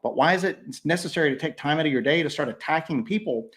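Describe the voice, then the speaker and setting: A man co-hosting a casual livestream, rambling and animated, slipping into quoted voices as he tells stories. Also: a little high, fast. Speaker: co-host.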